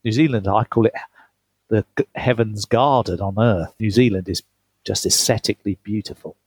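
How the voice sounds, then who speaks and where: A man's voice: lowish voice, normal speed, husky, no echo. A man being interviewed about his book, telling chatty travel stories with frequent laughter. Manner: chatty, laughs often, restarts mid-phrase. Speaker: guest, author. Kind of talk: storytelling interview.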